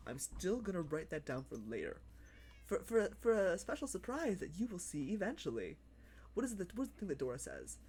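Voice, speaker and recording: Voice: mid-range voice, darkish tone, breathy edge. A livestreamer chatting casually while playing a game, rambling, repeating phrases and laughing often. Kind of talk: casual live-stream chat while gaming.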